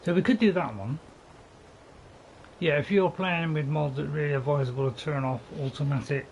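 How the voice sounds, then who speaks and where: Speaking at a moderate pace with a voice on the high side and a darkish tone, a man casually comments on a game he's streaming. He rambles in an easygoing way and keeps restarting sentences, and the low-quality recording carries constant cricket and insect noise.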